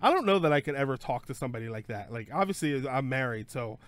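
A man's voice: medium pitch, animated, fast, no echo. A man hosting a casual live stream, thinking aloud, joking and correcting himself with lots of fillers. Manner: self-correcting with frequent fillers. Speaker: streamer host.

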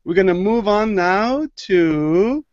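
A man hosts an online show and introduces the next segment in a slow, friendly way. His voice sits high, and the dry, lo-fi sound is that of a video call. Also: expressive, a little mellow, no echo. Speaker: show host. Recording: dull lo-fi video call audio.

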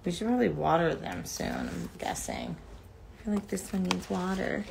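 A woman's voice: fairly low pitch, huge pitch swings, moderate pace, vocal fry, noisy background. A tired woman in her forties chatting on a phone livestream in a room at home, reading fan cards aloud and filling her talk with "like". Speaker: actress thanking fans on a livestream. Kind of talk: casual livestream chat. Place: indoor room with couches.

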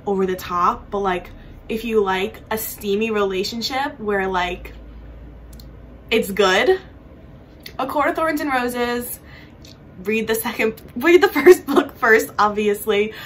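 A woman's voice: fairly high pitch, fairly bright tone, slight background noise. A young woman talking casually as a book vlogger, chatty and giggly with lots of "like" fillers. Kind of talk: casual chat.

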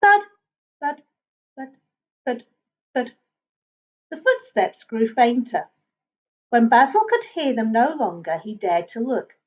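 A woman reading a children's picture book aloud in a gentle, expressive way. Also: on the high side, slow pace, pauses often, muffled recording. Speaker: storybook reader.

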